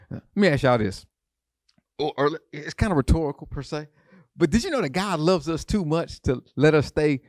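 A male pastor delivers an animated sermon. He keeps repeating phrases and throwing questions at the congregation. His voice sits a little high and is recorded dry and close. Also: no echo.

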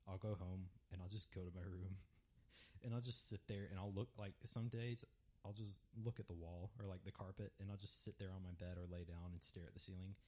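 A young man co-hosting a podcast, telling stories in a rambling, animated casual chat full of fillers. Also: low-pitched, a little fast. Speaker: podcast co-host.

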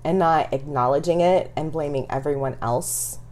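A woman's voice: sits low, normal speed, darkish tone. A middle-aged woman from Texas speaking candidly and reflectively as an interview guest, laughing now and then. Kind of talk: casual conversational interview.

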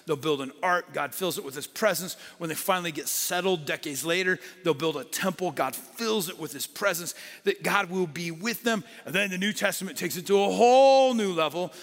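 A middle-aged man, a pastor preaching a sermon, who moves between lively talk and hushed whispers for emphasis. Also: high-pitched, a little fast, hardly any pauses, faint music behind. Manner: dynamic, drops to a whisper for emphasis. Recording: long hall reverb.

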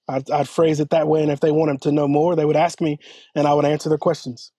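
A man with a husky, slightly high voice tells his own story in an interview. He talks earnestly and haltingly, often restarting his sentences. The recording is close and dry. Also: level tone, dark tone, dry recording. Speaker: church elder and podcast guest. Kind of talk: personal testimony in an interview.

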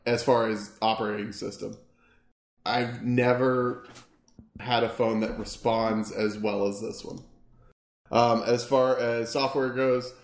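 Crude joking man, echoey room. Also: medium pitch. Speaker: podcast co-host. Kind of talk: casual tech chat.

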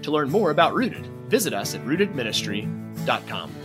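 A man's voice: fairly high pitch, sing-song, normal speed, over music. A man hosting a podcast interview, friendly and lightly joking with his guests. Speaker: podcast host.

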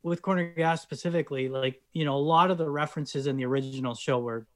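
A Canadian man chatting as a guest, animated and quick to restart his sentences, often laughing as he makes a point. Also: fairly high pitch. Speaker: guest, cast member of a sitcom. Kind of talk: casual conversation.

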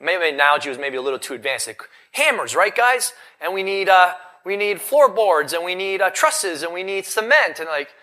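A man giving a live motivational talk on stage, energetic and full of rhetorical questions to the audience. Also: sits high, a little fast, hardly any pauses. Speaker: motivational speaker. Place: event hall in front of a live audience.

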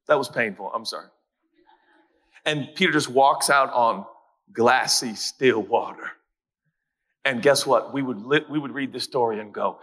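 A man preaching a sermon who swings between loud, dramatic shouting and hushed, low asides. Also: expressive, normal speed, breathy edge. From Portland, Oregon. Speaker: pastor.

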